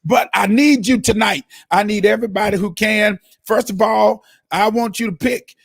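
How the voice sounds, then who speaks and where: A man hosting a casual sports talk show, excitable and chatty with lots of fillers, in a preacher-like manner. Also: high-pitched, normal speed, gravelly, slightly rough, no echo, clean studio sound. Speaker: host.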